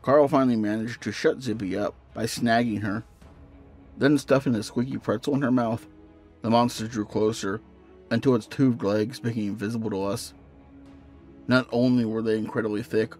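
Un hombre, presentador de un canal de terror, que lee en voz alta una historia de miedo con narración pausada y constante. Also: male voice, lowish voice. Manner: steady storytelling narration. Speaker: horror story narrator and channel host. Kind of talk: reading a creepypasta aloud.

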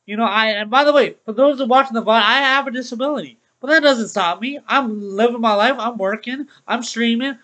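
Young male streamer, high voice, bright tone, upbeat repetitive chat with viewers. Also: poor audio. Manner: chatty and upbeat, repeats phrases, calls viewers bro. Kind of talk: casual Let's Play commentary to live chat.

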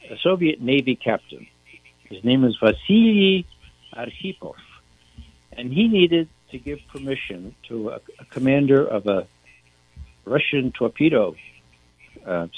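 Older male radio guest on a phone line, halting, poses rhetorical questions, adds "okay?"; mid pitch, tinny sound. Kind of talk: call-in radio commentary.

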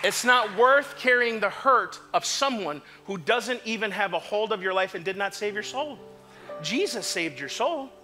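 High-voiced impassioned male preacher. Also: animated, normal speed, over music. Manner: impassioned, swings from quiet to shouting. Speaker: pastor. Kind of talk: sermon. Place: church sanctuary.

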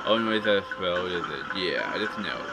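A man playing a video game and commenting on it, yelling and exclaiming at what happens on screen. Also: low voice, expressive, moderate pace, gravelly, loud music behind the voice, poor audio. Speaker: let's play gamer. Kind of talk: excited gameplay commentary.

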